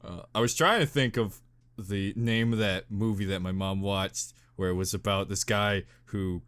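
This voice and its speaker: A young man hosting a casual reaction video, talking in an animated, giggly way that swings from loud bursts down to mumbles. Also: on the low side, moderate pace, smooth.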